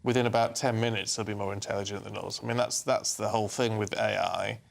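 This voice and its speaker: Gravelly-voiced male breakfast host. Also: fairly low pitch, steady tone, fast talker. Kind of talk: casual studio chat.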